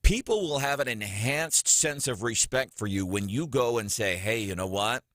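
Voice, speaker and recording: A man hosting a morning radio show in a studio, talking in a chatty, animated way and laughing often. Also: medium pitch, normal speed, no room sound.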